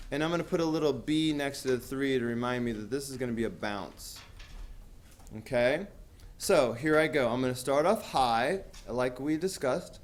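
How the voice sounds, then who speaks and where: A man's voice: mid-range voice, slight background noise. A man teaching a math class, talking casually with lots of fillers and asking students questions. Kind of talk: classroom lecture.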